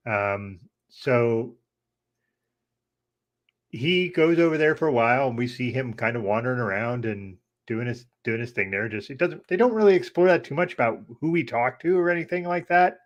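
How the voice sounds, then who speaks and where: A man co-hosting a conversational podcast, retelling events in a laid-back way with a dry, wry edge. He pauses often on "uh" as he gathers his thoughts. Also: mid-range voice, highs cut off. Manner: relaxed storytelling, wry, many "uh" pauses. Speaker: podcast co-host. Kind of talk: casual discussion.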